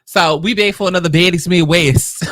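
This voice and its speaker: A woman's voice: on the low side, normal speed, no echo. A woman hosting a casual reaction commentary, talking in a chatty, rambling way into a close mic. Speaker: host. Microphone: close podcast mic.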